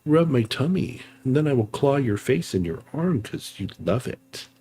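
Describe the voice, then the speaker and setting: A man's voice: mid-range voice, very animated, moderate pace, dark tone, husky, voice pushed up. A man voicing his sweet, clingy young female house cat in a cooing, affectionate, playfully bossy way.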